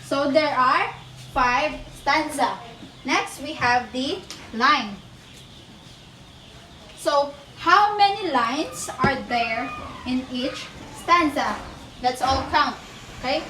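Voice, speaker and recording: Slow, high-voiced woman teaching. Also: pushed and bright, far from the mic. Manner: slow, step-by-step explaining, addresses class, counts aloud. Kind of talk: teaching demonstration lesson. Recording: echoey room, voice off-mic, faint noise.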